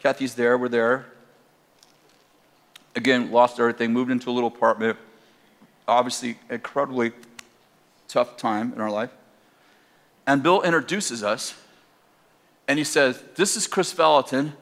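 An older man from Northern California, preaching by telling a personal story in a conversational, animated way and laughing at his own tale. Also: mid-range voice, moderate pace, long pauses. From Northern California, USA.

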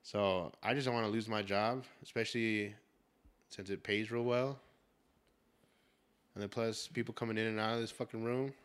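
Young man, podcast host, casual chat, swears a lot, animated storytelling, bright voice. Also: on the low side, normal speed, pauses often, clear, resonant tone.

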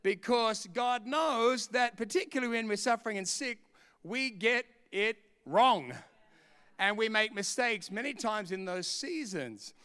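A man's voice: high voice, expressive, unhurried, sharp tone, smooth, in a large hall. A man preaching a sermon in church, telling stories with humor and laughing often. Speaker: pastor.

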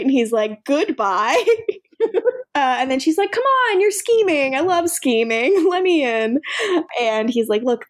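A woman's voice: a little high, darkish tone. A young woman co-hosting a casual podcast, recapping a TV episode, laughing often and acting out the characters' lines with casual swearing.

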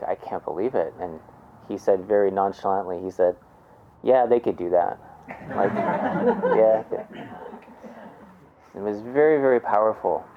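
A man with a fairly low voice recounts a moving personal story, talking casually and warmly, full of fillers and restarts. The recording sounds somewhat dull and lo-fi. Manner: heartfelt, many "like" fillers, restarts.

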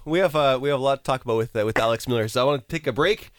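A man's voice: mid-range voice, rapid-fire, hardly any pauses, clear, resonant tone. A man with a Canadian accent hosting a radio show, friendly and filling gaps with "uh". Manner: friendly, hesitant with fillers. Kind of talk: casual radio chat and scripted segment intro. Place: radio studio.

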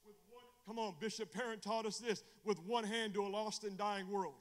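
A middle-aged male evangelist preaching fervently at a Bible study. He repeats phrases and restarts often, and shifts from loud bursts to low, confiding talk. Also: fairly even intonation, normal speed.

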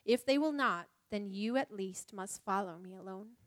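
A woman voicing a wise, gentle male lion king while reading a storybook aloud, calm and solemn. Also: mid-range voice, moderate pace, no echo, clean studio sound, natural voice.

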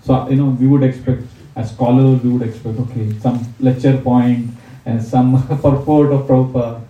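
A man's voice: mid-range voice, flat delivery, moderate pace, narrow, tinny audio. A man telling stories of monastery life in a spiritual talk, acting out the people he quotes. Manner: warm anecdotal storytelling, acts out the people he quotes. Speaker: monk giving a spiritual talk. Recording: roomy, distant mic.

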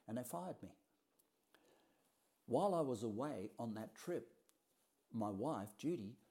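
A man's voice: fairly low pitch, mellow. A man telling a personal story in a casual, blunt way, acting out the quoted dialogue and swearing now and then. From Australia.

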